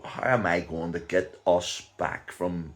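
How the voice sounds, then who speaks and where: A man's voice: low-pitched, fairly even intonation, measured pace. An older man with a Northern Irish accent telling a rambling personal story in a casual vlog, with frequent chuckles and fillers. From Northern Ireland. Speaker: vlogger.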